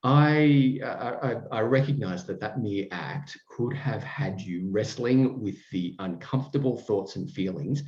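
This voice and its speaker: A man's voice: lowish voice, a little mellow. Man, podcast host, effusive, rambling, dull roomy recording. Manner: effusive, rambling with fillers and restarts. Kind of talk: casual chat with a guest.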